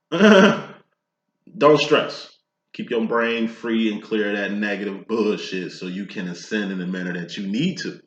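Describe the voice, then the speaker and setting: A man's voice: fairly low pitch, sharp tone, echoey room, lo-fi sound. A man giving a casual tarot reading in a profane, streetwise and preachy way. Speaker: tarot reader.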